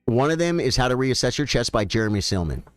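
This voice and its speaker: A man of middle pitch hosts a casual chess live stream. He chats with viewers and reasons out loud about the moves in a loose, friendly way. His voice sounds close and dry, with no room echo. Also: sing-song, fast, faint music behind. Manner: chatty, thinks aloud, addresses viewers directly.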